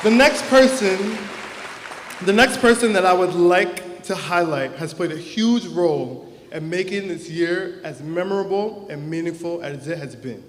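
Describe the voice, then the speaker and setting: A young man with a high voice delivers an earnest, heartfelt graduation speech from the stage. His words ring out through a big hall with a long, echoing reverb. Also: measured pace, a crowd in the background, noisy background. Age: young adult. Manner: earnest, heartfelt, emotional at times. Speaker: class president giving a graduation speech. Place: large hall or auditorium. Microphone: microphone on a stage.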